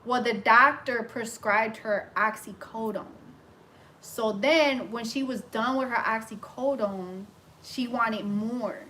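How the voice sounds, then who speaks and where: A young woman with a somewhat high-pitched voice tells a story in an animated, casual way. Her retelling tumbles forward with frequent fillers and restarts, as if she is chatting while she works on someone's hair. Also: slow, slight background noise. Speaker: hairstylist and vlogger.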